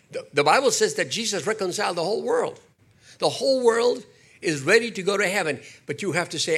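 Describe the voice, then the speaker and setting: An older man preaching a sermon, animated, slipping into acted quotes and jokey asides. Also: high voice, a little fast, breathy edge. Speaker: pastor.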